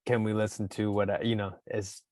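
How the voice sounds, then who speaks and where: A man hosting a podcast in casual chat, animated and playful with lots of fillers. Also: fairly low pitch, moderate pace, no echo. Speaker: podcast host.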